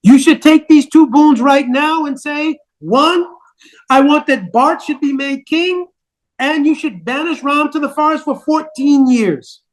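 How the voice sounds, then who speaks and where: A man putting on a scheming old nursemaid, manipulative and bitter, low insinuating scolding, high tone, storytelling epic. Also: measured pace. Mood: urging.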